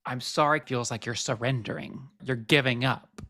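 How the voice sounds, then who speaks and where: A man's voice: medium pitch, steady tone, normal speed, sharp tone. A man co-hosting a podcast, thinking aloud in a reflective, conversational way and asking follow-up questions. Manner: thoughtful, musing aloud, asks follow-up questions. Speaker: podcast co-host.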